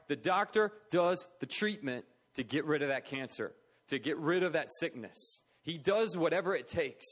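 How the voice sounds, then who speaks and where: Guy preaching a sermon, kinda high voice, earnest and chatty, lots of you know's. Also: fairly bright tone. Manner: earnest, conversational preaching with filler words. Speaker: preacher for an orphan charity.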